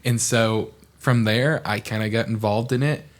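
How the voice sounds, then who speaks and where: Brief: young male podcast guest, from Oklahoma, lowish voice, animated casual storyteller. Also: moderate pace. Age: young adult. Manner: animated storyteller, acts out quoted people.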